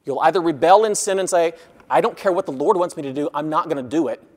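A man preaching an expository sermon as pastor, earnest, growing loud when reading scripture and quiet on asides. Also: on the high side, quick pace, long reverb tail.

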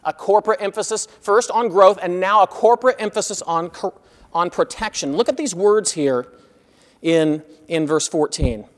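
A man preaching an expository sermon as pastor, earnest, growing loud when reading scripture and quiet on asides. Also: high voice, normal speed, long reverb tail.

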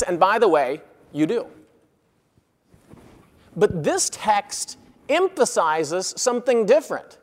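Earnest high-voiced preacher in a reverberant hall. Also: male voice, animated, normal speed. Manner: earnest, rises loud on scripture and drops quiet on asides. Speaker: pastor. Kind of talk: expository sermon.

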